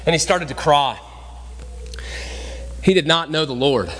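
A man preaching a sermon as pastor, emphatic, swinging between raised and hushed delivery. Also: a little high, measured pace, long reverb tail, slight background noise. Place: church sanctuary.

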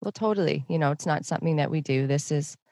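A woman's voice: sits low, fast, dark tone, dry recording, studio quality. A woman hosting a casual podcast interview, chatty and laughing often. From Canada. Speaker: podcast host.

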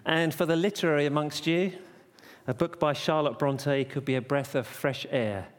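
A man's voice: on the high side, fairly even intonation, moderate pace. A man preaching a carol service message in a church, conversational and playful, telling puns. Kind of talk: sermon with jokes. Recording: long church reverb.

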